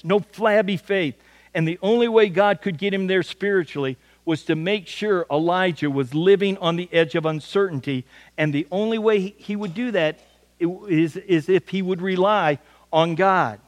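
A man's voice: high voice, big-room sound. A male pastor preaching a sermon in a folksy way, often stumbling over repeated words.

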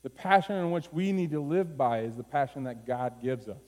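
A man's voice: fairly even intonation, normal speed. Man preaching a sermon in a reverberant hall. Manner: rises from low, quiet phrases to high, urgent pleading. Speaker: pastor.

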